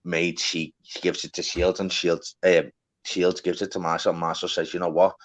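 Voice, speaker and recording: A man co-hosting a casual boxing chat, excitable and swearing freely, calling his partner mate and lad. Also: low voice, normal speed. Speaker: podcast co-host.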